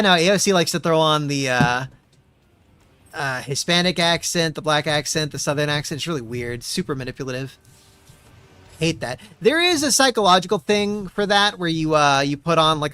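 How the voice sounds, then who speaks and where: A man's voice: on the high side, fairly quick, sharp tone, clear, resonant tone. A man streaming a racing game, muttering to himself and swearing often as he chats. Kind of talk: casual gameplay commentary.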